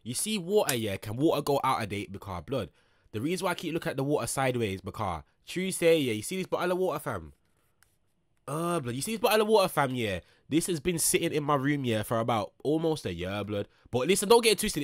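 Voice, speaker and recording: A young man giving excitable, slang-heavy reaction commentary as a streamer, swinging between loud bursts and mutters. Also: on the high side, fast, no echo, clean studio sound.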